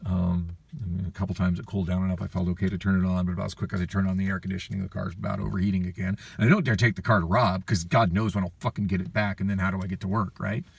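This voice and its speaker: A weary man vents in a rambling, profanity-laced vlog story. His low voice is gravelly with a husky edge. He sits a bit back from the phone mic, so the sound has some distance. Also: level tone, rapid-fire, few pauses. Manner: frustrated, profane, weary venting. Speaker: vlogger.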